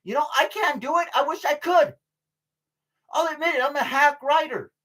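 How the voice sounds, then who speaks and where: A man's voice: very high-pitched, normal speed, fairly bright tone. An older man vlogging in a casual, rambling monologue, swearing freely and stalling on fillers. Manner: profane, rambling, many fillers and restarts; laughs between remarks.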